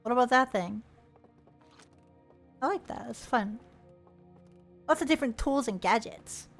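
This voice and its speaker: A woman's voice: on the high side, animated, unhurried, creaky, faint music behind. A woman streamer giving playful, chatty gameplay commentary and reading in-game text aloud with joking asides.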